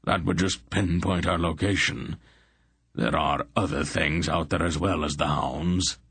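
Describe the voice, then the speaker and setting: A man voicing an old sorcerer, measured and matter-of-fact. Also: rumbling low, fairly even intonation, gravelly, fairly bright tone, breathy edge, no room sound, clean studio sound, heavily acted. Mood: calm. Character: old male sorcerer, calm and gruff.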